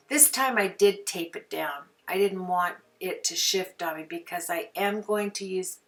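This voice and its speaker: Woman, craft tutorial host, casual and chatty, gravelly voice, distant mic. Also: mid-range voice. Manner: chatty, talks to herself while working.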